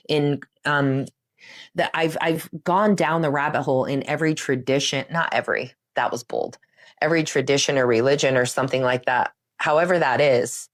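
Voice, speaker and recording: A woman guest in a casual interview, telling a personal story in an animated way, often laughing and breaking off to restart her sentences. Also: very deep voice, normal speed. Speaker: podcast guest.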